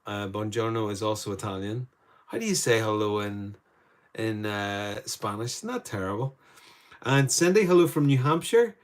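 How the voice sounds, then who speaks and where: Chatty Northern Irish man streaming live. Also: medium pitch. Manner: chatty, rambling, greeting viewers by name. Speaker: art tutor streaming live. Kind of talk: casual live painting demo chat.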